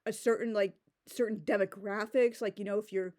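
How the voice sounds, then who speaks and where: A woman's voice: medium pitch, steady tone, fairly quick, a little mellow. A woman giving a casual, exasperated critique of a book, talking loosely with many fillers and restarts. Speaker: book reviewer.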